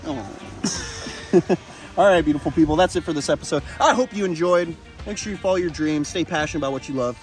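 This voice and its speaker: A man hosting a wildlife vlog outdoors, talking excitedly to his animals as he feeds them. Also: on the high side, quick pace, faint music behind. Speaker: wildlife vlogger and zoo keeper. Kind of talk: casual outdoor vlog narration. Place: outdoors at animal enclosures and a pond.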